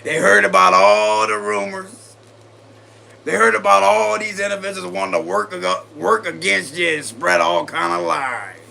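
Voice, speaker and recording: Man doing a drawling Cajun bayou man, gossipy, exaggerated, slightly high voice, light noise. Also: big pitch swings, normal speed, vocal fry, pushed and bright, full character voice. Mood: confiding.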